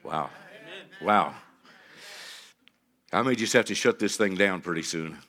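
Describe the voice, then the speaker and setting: A man's voice: low voice, a little slow, bright, forceful tone. A middle-aged man, a pastor, preaching a sermon with emphatic repeated phrases and call-and-response with his congregation.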